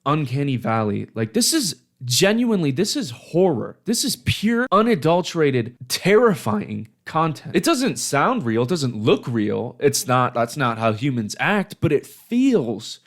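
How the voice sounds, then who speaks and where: A man's voice: on the high side, unhurried, hardly any pauses. A young man giving profane, sarcastic comedic reaction commentary on videos. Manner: sarcastic, animated, swears a lot. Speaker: YouTube commentator.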